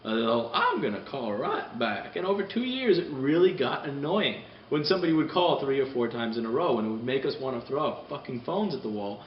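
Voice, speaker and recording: A man casually ranting on a vlog, animated, rambling and profane, heard from a distance. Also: mid-range voice, fast, hardly any pauses, a little hiss or hum. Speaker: repair shop owner vlogging. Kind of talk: casual spoken rant. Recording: distant mic in a roomy space, dull sound.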